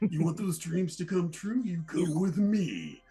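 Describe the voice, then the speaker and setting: A man playing a loud, boastful half-orc pro wrestler with a growling, drawn-out, swaggering delivery. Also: high voice, big pitch swings, breathy edge, pitched above the performer's own voice, heavily acted.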